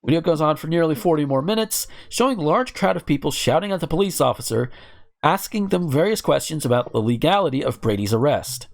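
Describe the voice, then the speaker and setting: A man's voice: on the high side, expressive, fast, vocal fry. A man hosts a casual podcast, reading news stories and breaking into sarcastic, profane asides. His voice swings widely up and down as he talks. He sounds chatty and a bit ranty. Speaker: podcast host.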